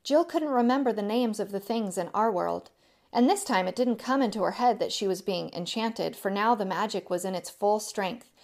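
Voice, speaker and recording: A woman's voice: medium pitch, moderate pace, vocal fry, a little mellow. A woman teaching a church group and reading a novel aloud, explaining as she goes with a few halts.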